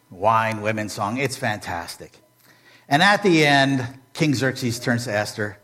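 A male pastor delivering a sermon with a lively, swooping pitch. He talks conversationally and with humor, leaning on repeated rhetorical questions. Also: a little slow.

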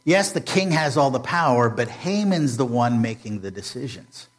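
A man retelling a Bible story as a preacher, animated and humorous, with modern comparisons. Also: mid-range voice, normal speed, few pauses. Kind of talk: storytelling sermon.

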